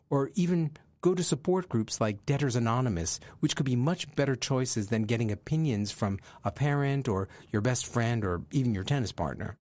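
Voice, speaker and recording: A man's voice: medium pitch, a little mellow, dry recording. A man hosting a podcast, telling a personal story in an earnest, reflective way. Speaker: podcast host. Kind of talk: storytelling monologue.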